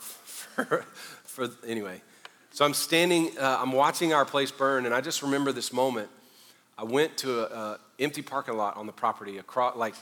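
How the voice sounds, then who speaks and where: A man's voice: medium pitch, bright, forceful tone, big-room sound. A male pastor preaching a sermon, mixing conversational asides and self-deprecating humor with mounting fervor.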